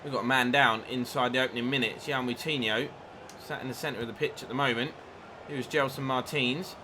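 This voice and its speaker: A man's voice: mid-range voice, brisk, pushed and bright, a little hiss or hum. A man giving chatty play-by-play commentary over his own football video game, livening up at big chances. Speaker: gaming YouTuber.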